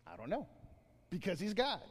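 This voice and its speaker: A man preaching a sermon as pastor, animated, often repeating words as he acts out scenes. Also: high-pitched, normal speed, slightly rough, in a large hall.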